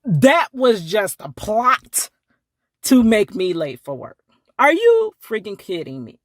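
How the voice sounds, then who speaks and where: A woman's voice: takes it slowly, no echo, studio quality. A woman telling a story to camera in a casual vlog, acting out each person with big jumps in her voice and laughing often. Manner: animated, acts out quotes with big pitch jumps, laughs often.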